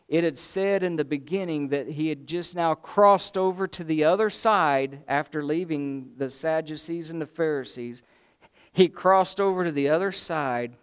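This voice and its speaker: A man preaching a sermon in an animated way, swinging from excited bursts to low, slow emphasis. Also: clean tone.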